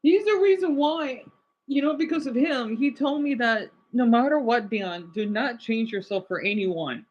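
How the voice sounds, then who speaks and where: This young guy streaming live has a very high-pitched voice, speaks at a moderate pace, and the audio is dull. His casual chat with viewers rambles and gets emotional, and he calls out names from the chat.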